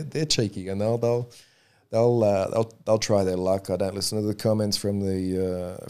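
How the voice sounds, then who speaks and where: A man, a referee guest talking frankly and easily, often repeating words as he thinks. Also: low-pitched. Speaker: MMA referee, interview guest. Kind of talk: casual interview chat.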